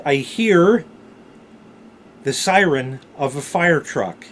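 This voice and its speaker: A man vlogger telling a personal story in a casual, profane way that grows animated and excited. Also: a little high, slow pace.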